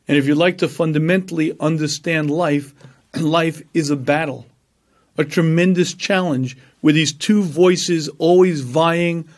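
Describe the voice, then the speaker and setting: A man delivering a lively religious lecture with a slightly higher voice. He tells stories with animation, acts out the voices of the people in them, and clears his throat often between phrases. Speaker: rabbi and lecturer. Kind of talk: Torah lecture.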